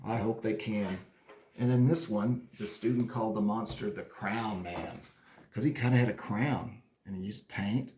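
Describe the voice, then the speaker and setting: A man teaching children an art lesson and reading them his own story, in a playful, animated manner. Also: on the low side, moderate pace, roomy sound, a little hiss or hum.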